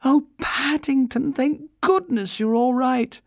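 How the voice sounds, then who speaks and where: A man's voice: sits high, huge pitch swings, takes it slowly, no room sound, clean studio sound, voice pushed up, exaggerated voice. A man voicing a bossy, caring young girl in a storybook reading, urgent and scolding. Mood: worried.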